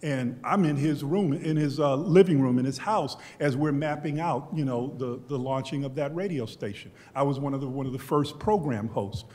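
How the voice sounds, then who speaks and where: A man's voice: medium pitch, normal speed, few pauses, a little mellow. Older man telling stories in a hall. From Beaumont, Texas, US. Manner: reflective, conversational, with frequent restarts. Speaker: professor on a history panel. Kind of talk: personal storytelling at a panel. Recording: long hall reverb.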